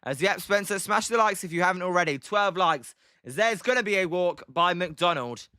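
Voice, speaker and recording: A British man hosts a live stream doing play-by-play of a baseball game and chatting with viewers. His high voice is animated, bright, forceful, clear and resonant at a normal speed, on a dry, studio-quality recording. Between plays he's chatty, reads the chat aloud and says um a lot.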